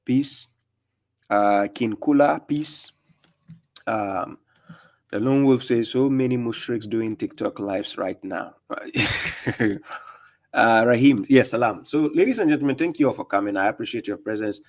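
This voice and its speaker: A man's voice: medium pitch, moderate pace, darkish tone. Man hosting a live Q&A. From Ghana. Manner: reads comments aloud and retorts, with frequent fillers. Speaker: livestream host answering viewer comments. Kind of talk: live Q&A on a religious stream.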